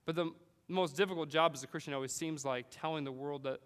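A man from California preaching a sermon, animated storytelling with frequent "right?" asides. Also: a little high, fast talker, clean tone, in a large hall. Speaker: pastor.

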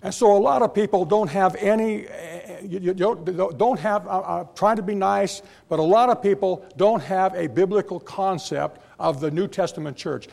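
A man's voice: sits high, normal speed, vocal fry, few pauses, a little mellow. A male pastor preaching a sermon in a church, emphatic and repetitive, often restarting his words. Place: church sanctuary.

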